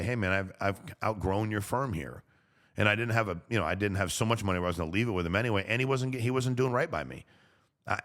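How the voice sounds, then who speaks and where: A middle-aged man with a fairly low voice talks through a solo podcast episode. He speaks casually and plainly, dropping slang as he goes. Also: a bit bright. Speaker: podcast host.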